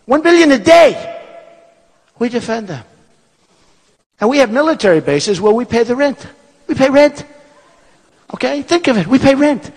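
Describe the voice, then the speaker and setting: A man in his sixties delivers a rally speech, repeating his points with emphasis and boasting as he drifts between topics. His voice sits high and swings widely in pitch. Long reverb from a large performing arts hall trails each phrase. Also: expressive, normal speed, long pauses, a little mellow. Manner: repetitive, emphatic, boastful, digressive. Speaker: political candidate speaking at a rally.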